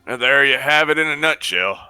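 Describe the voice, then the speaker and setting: A man's voice: medium pitch, lively intonation, a little fast, bright, forceful tone, soft background music. A man reading aloud for a blunt, earnest male police detective in a game's dialogue.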